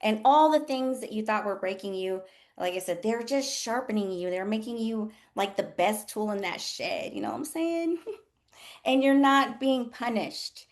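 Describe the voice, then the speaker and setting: This woman's voice is a little high and moves at a moderate pace. She's a nurse coach hosting an informal livestream, speaking candidly with swearing, laughing a lot, and lively in voicing other people's lines.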